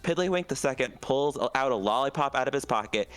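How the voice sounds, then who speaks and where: A man narrates a tabletop adventure as game master, playful and theatrical as he spins the scene. His voice is smooth and clean, and the delivery leans into jokes and drama. Faint music plays behind him. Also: medium pitch, expressive, fairly quick. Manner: playful, dramatic storytelling with puns.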